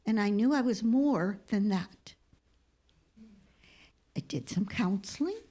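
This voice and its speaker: A woman's voice: mid-range voice, animated. A woman minister giving a heartfelt sermon and telling a story, sometimes dropping to a whisper. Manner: slow, heartfelt storytelling with hushed, whispered moments. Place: church sanctuary.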